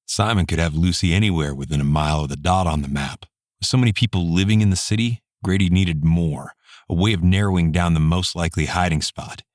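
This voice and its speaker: A male audiobook narrator reading in a steady, measured way. His voice is deep and the sound is dry and close, with no room around it. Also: no room sound. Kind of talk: scripted narration.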